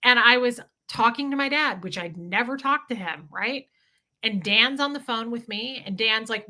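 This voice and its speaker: A woman's voice: a little high, moderate pace, sharp tone. A woman hosting a livestream, talking candidly and emotionally about her past, swearing freely. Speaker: livestream host.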